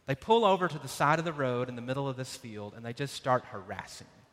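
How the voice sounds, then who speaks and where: A man preaching a sermon, telling a dramatic personal story with loud bursts and hushed passages. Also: mid-range voice, animated, quick pace, few pauses. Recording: long hall reverb.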